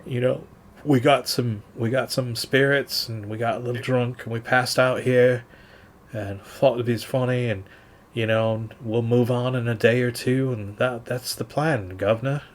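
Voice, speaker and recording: A man's voice: lowish voice, steady tone, a little slow, natural voice. A man voicing a nervous young male wannabe robber who stammers and apologizes.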